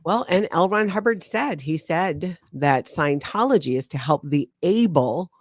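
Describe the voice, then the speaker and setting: A woman co-hosting a casual chat, reading reviews aloud in an animated, self-mocking way with frequent laughs. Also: fairly low pitch, a little slow, dry recording, clean studio sound. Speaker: co-host, former member discussing the church.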